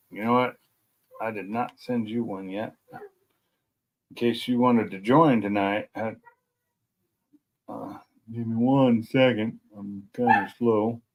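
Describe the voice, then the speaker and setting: Chatty man hosting a stream from home. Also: fairly low pitch. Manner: rambling, chatty, self-deprecating. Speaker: live stream host. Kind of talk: casual chat. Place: at home at night.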